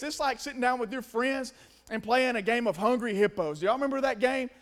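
A young man preaching a sermon, emphatic, swinging between loud stresses and quiet asides. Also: very high-pitched, fairly quick.

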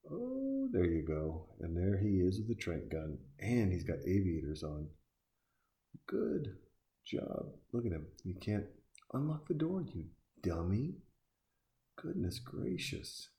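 A man with a very low, mellow voice delivers casual reaction commentary. He is sarcastic and swears freely, talking back at the screen as he watches. His tone stays dark and relaxed throughout.

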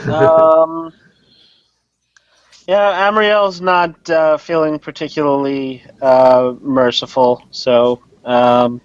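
Higher-voiced man, hesitant player. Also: little pitch movement, very slow, no room sound, lo-fi sound. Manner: hesitant, many fillers. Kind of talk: casual game chat.

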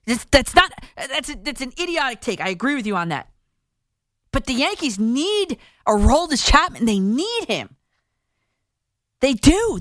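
A woman hosting a call-in sports radio show, giving quick, emphatic opinions with frequent restarts. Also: high voice, fairly bright tone, dry recording, clean studio sound. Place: radio studio.

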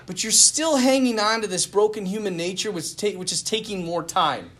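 Young guy priest giving a homily, high bright voice, jokes on himself a lot. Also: normal speed. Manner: animated, self-deprecating, laughs often. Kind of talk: sermon.

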